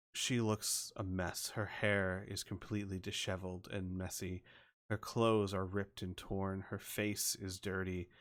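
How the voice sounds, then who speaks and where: A man with a somewhat low voice narrates a tabletop role-playing session as game master. His delivery is relaxed and loose, with plenty of filler words between descriptions.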